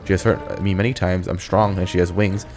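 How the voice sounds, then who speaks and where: A man's voice: low-pitched, flat delivery, fairly quick, over music, natural voice. A man voicing a vain, petulant female filth demon who calls herself a queen, speaking in a whiny, boastful way.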